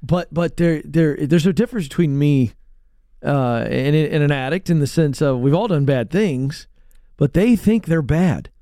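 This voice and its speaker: A man's voice: on the high side, a little slow, dark tone, no echo, clean studio sound. A man hosting an interview, engaged and affirming as he reflects on what his guest says. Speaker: host. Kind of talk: conversational interview.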